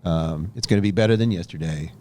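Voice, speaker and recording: A man's voice: low-pitched, fast. A man co-hosting a podcast, speaking casually and with self-deprecating humor. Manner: relaxed, self-deprecating, chuckles often. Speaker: podcast co-host. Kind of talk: casual chat.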